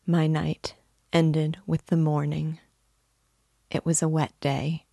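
Slow, gravelly woman reading a novel. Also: deep voice, no room sound, clean studio sound. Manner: measured, steady, unhurried. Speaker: book reader. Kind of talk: audiobook reading of a classic novel.

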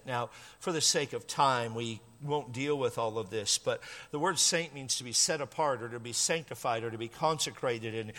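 A middle-aged male pastor delivers an emphatic sermon, repeating key phrases and slowing down to stress them. His voice is fairly high and a bit bright, trailed by a long reverb tail.

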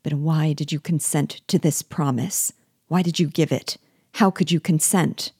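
A woman's voice: deep voice, steady tone, a little slow, warm tone, breathy edge, no room sound, clean studio sound, full character voice. A woman reading as an indignant, loyal young hero. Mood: urgent. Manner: urgent, indignant questioning. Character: passionate young man, loyal rescuer, quick to anger.

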